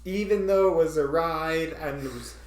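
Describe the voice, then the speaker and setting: A man's voice: a little high, normal speed, roomy sound, noisy background. A man hosting a casual chat, telling a story with frequent laughs and acted-out panic. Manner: animated, laughing often, acts out his own panic. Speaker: podcast host.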